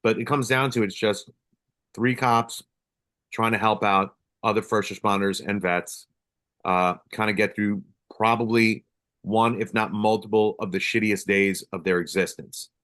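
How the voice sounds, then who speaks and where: Brief: male officer-host, deeper voice, candid, casual swearing. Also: fairly even intonation, a little slow, fairly bright tone. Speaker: podcast host, police officer. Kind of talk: casual conversation.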